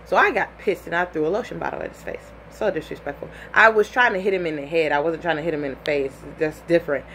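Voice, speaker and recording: Young woman, casual storytelling, animated, lowish voice, faint background hiss. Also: quick pace, creaky. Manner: animated, with frequent "like" and acted-out quotes.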